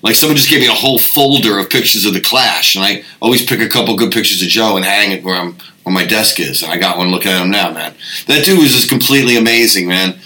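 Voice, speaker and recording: A man's voice: on the low side, quick pace, pushed and bright, poor audio. A man who is a musician, talking laid-back in his office and ending many sentences with "man". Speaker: guest musician. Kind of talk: casual chat.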